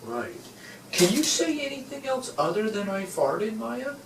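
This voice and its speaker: A man speaks in a gentle, formal big-brother tone, as if coaxing a child closer. His voice is a little high and swings around a lot. He sounds far from the mic in an echoey room, with clear noise underneath. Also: big pitch swings, measured pace. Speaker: performer in a scene study. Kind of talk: coaxing talk to a child in a scene. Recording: roomy, distant, noisy room recording.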